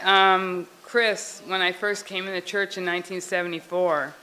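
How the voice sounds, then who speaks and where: A woman sharing a memory at a memorial, telling her story with animated, laughing dialogue. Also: on the low side, normal speed, hardly any pauses, rough recording. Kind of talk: storytelling testimony.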